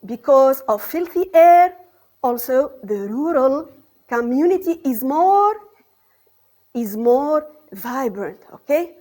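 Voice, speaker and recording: A woman teaching an English grammar and vocabulary lesson on the radio, repeating key words and checking understanding with quick questions. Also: high-pitched, expressive, dark tone. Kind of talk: radio lesson for exam students. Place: radio studio.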